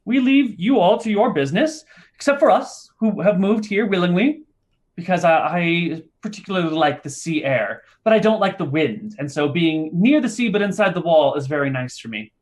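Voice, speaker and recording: A man's voice: high voice, lively intonation, normal speed. A man voicing a tiny male forest gnome who talks in a fussy, haughty way. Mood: indignant.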